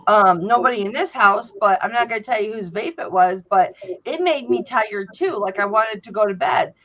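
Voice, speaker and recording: A woman hosts a casual chat, telling stories animatedly, swearing freely and acting out what people said. Her voice is medium-pitched at a moderate pace, on dull lo-fi sound.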